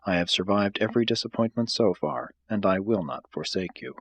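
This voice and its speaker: A man's voice: on the low side, fairly quick. A man reading aloud, voicing a fiery, devoted male follower who speaks in an earnest, resolute way.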